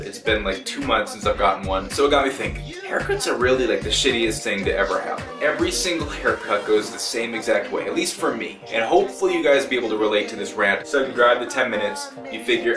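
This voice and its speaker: A man's voice: fairly low pitch, fast. A man giving a profane, exasperated comedic rant as a gaming video maker, acting out both sides of the story. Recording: roomy echo, distant mic, faint music.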